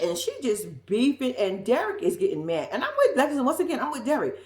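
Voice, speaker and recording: A woman's voice: high-pitched, huge pitch swings, a little fast, hardly any pauses, a little mellow, echoey room. Sassy profane woman recapping reality TV. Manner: blunt, profane and sassy, acting out quotes in exaggerated voices. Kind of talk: casual reaction commentary.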